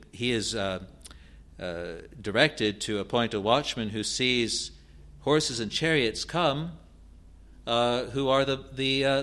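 Low-voiced man in halting Bible teaching. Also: a bit bright. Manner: halting, with frequent restarts and repeated words; reads scripture passages aloud with rising emphasis.

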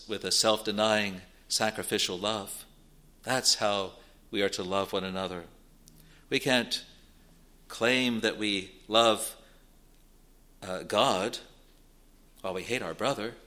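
Guy preaching a sermon, slow and deliberate, bright forceful voice, reads old bible verses. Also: medium pitch. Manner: measured, deliberate preaching, quoting King James scripture.

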